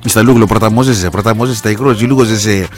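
Man, radio host, rambling casual talk, faint music behind. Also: quick pace. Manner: rambling, animated, pitch jumps up on quoted lines. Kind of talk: casual radio talk with listener shout-outs.

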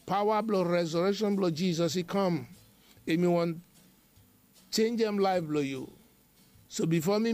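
High-voiced preacher. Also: male voice, darkish tone. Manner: repetitive, emphatic preaching cadence. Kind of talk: devotional sermon.

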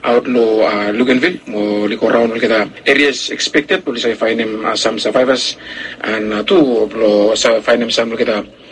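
A man's voice: mid-range voice, lively intonation, moderate pace, fairly bright tone, a little hiss or hum, rough recording. A man, leading a search and rescue, speaking hesitantly with many fillers in a news interview. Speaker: rescue operation leader.

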